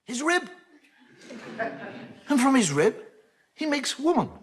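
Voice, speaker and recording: A man's voice: very high voice, big pitch swings, slow pace. A man doing a wry stand-up monologue, telling jokes with a storytelling, swooping delivery. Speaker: comedian.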